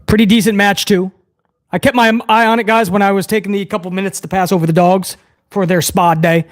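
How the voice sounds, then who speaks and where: This wrestling review host speaks a little fast in a voice that sits high, with fairly even intonation. During his live watch-along, he rants angrily at his chat and curses a lot.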